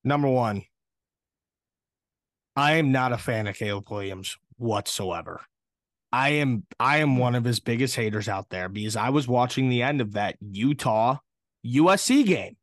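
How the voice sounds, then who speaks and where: Young man, sports podcast co-host, blunt and dismissive, lively swooping pitch, dry sound. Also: moderate pace, no room sound. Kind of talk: casual sports talk.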